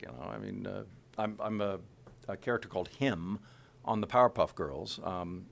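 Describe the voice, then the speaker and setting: A middle-aged male voice actor chatting in an interview, animated and full of fillers. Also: on the low side, normal speed, gravelly. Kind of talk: casual interview chat.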